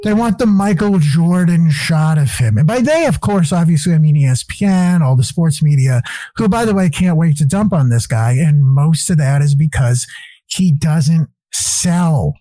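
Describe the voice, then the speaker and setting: A man chatting as a podcast guest, telling rambling stories full of swearing and quick laughter. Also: on the high side, animated, mellow, no echo. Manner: profane, rambling storytelling. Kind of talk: casual chat.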